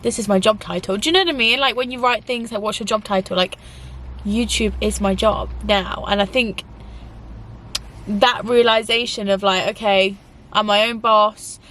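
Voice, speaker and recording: A woman's voice: medium pitch, normal speed, a bit bright, a little hiss or hum. A young woman talking in a casual, emotional vlog, rambling with lots of fillers. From England. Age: young adult. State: tearful at times. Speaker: YouTuber.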